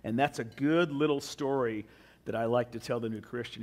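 A man's voice: mid-range voice, moderate pace, a little mellow. A man, a pastor, teaching a sermon in a conversational way, often restarting his sentences and adding asides. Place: church.

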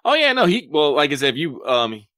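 Lively, laid-back joking man. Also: a little high, fairly quick, dry recording. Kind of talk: casual podcast chat.

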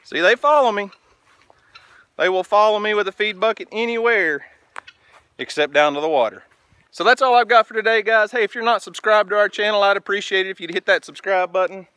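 A man's voice: high voice, fairly quick, sharp tone, no room sound. A man, vlogging outdoors by a farm creek in a folksy way and talking to the camera while out of breath. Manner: folksy, talks to camera and coaxes goats. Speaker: homestead vlogger. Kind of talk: casual outdoor vlog.

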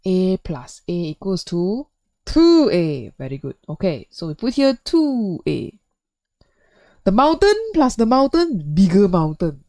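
A woman's voice: mid-range voice, darkish tone, no echo. A woman teaching physics in a recorded video lesson, chatty and playful, joking and putting questions to the viewer.

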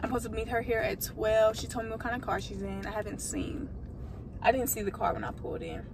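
A young woman chatting excitedly and rambling in a casual vlog, recorded on a phone inside a car. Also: on the high side, fast. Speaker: vlogger. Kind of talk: casual vlog chat to camera. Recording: distant phone audio with loud road noise.

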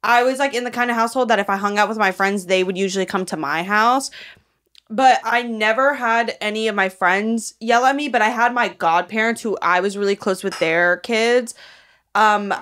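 A woman's voice: medium pitch, fairly bright tone. A young female podcast co-host speaks in an ordinary mid-range voice. Her manner is brash and blunt, with casual swearing.

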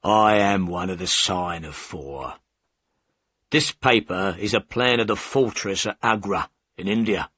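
A man voicing a bitter, captured middle-aged man who speaks low and slow in a storybook reading. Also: a bit bright, husky, no echo, clean studio sound, heavily acted. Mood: defiant.

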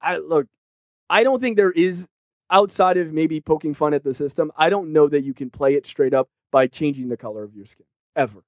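Male podcast co-host, animated and profane, slightly high voice, dry close sound. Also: a little fast, no room sound. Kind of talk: casual film podcast discussion.

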